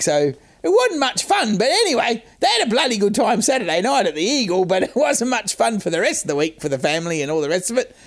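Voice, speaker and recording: An older man explains a rhyme's history in a loose, self-mocking way, with the odd crude word. His voice sits high for a man and is gravelly, and his pitch swings widely as he talks. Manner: chatty, self-mocking, salty language. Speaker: host. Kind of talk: casual storytelling explainer.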